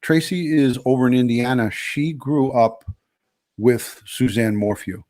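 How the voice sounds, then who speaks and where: A man hosting a live stream, speaking haltingly with many fillers and restarts. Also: medium pitch, a little mellow, no room sound.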